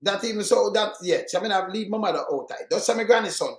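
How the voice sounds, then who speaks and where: A man's voice: sits high, fast talker, roomy sound. An older man with a Jamaican accent, talking in blunt, emphatic casual chat. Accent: Jamaican Patois.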